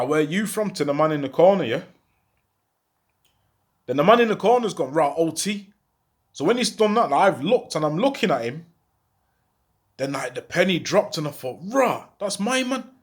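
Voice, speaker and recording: A man telling a story in casual street slang, acting out the dialogue and often checking in with the listener. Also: fairly high pitch. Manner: animated, acts out dialogue.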